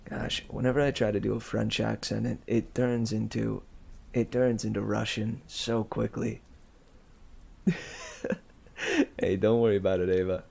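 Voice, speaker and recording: A man's voice: fairly low pitch, gravelly, breathy edge. A man reading a book aloud as a bedtime story, chatting casually with listeners between passages. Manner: slow, relaxed, chatty asides to listeners.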